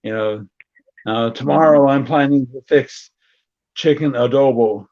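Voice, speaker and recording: A man's voice: medium pitch, a little slow, highs cut off. A man telling jokes and chatting casually in a live group video call. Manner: folksy joke-teller. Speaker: participant.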